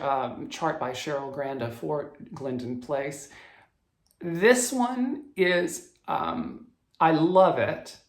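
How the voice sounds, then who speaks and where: Gravelly Southern man, halting chat. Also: a little high. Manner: halting, with frequent restarts and self-corrections. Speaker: cross-stitch vlogger. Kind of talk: casual show-and-tell chat. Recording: roomy echo.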